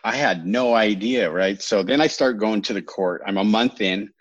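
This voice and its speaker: Low-voiced man telling his story. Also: normal speed, no room sound, dull audio. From California. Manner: rambling, self-correcting, wry. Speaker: podcast guest. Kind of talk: candid storytelling interview.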